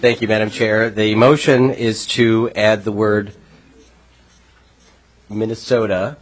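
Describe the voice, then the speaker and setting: A man, a state representative, moving an amendment in a committee hearing, halting as he searches for words. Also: lowish voice, level tone.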